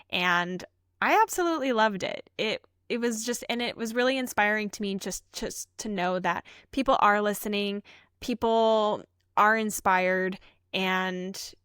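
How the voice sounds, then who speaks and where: A woman's voice: mid-range voice, a bit bright, clean tone, no echo, clean studio sound. A woman co-hosting a casual podcast, an emergency vet tech telling her stories in an earnest, heartfelt way.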